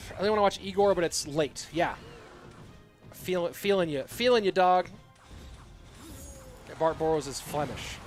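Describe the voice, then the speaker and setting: A man casting an esports tournament on a live stream, rambling casually while reading chat and breaking into excited play-by-play. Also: sits high, normal speed, pauses often, faint music behind. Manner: rambling, self-deprecating, reads chat aloud; bursts into loud excited play-by-play. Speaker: esports caster.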